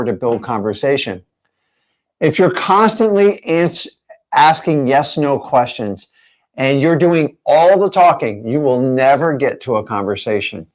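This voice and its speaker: A man teaching a real estate training session, emphatic and full of rhetorical questions. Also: fairly high pitch.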